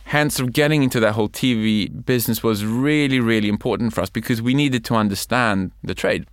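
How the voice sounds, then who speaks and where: A middle-aged man from Sweden, a company head who explains his points in measured, listed steps in a conversational interview. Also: mid-range voice, clean tone, no room sound, studio quality. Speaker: company CEO and co-founder, guest.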